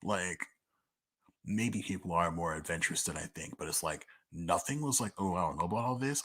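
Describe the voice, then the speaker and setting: Sitting low and a bit bright with a slight roughness, this young man's voice moves at a normal speed. He goes through personal questions from his podcast listeners one by one, casual, frank and profane, with plenty of "like."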